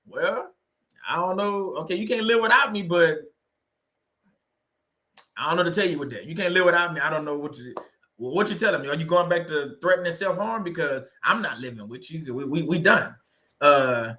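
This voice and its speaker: A man hosting a livestream, chatting casually and joking with his viewers, often laughing. His voice sits a little high and rings out bright and forceful. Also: normal speed. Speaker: livestream host on narcissistic abuse.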